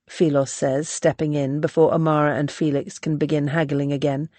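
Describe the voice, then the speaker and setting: Steady audiobook narrator, dry close sound. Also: mid-range voice, normal speed, hardly any pauses, dry recording.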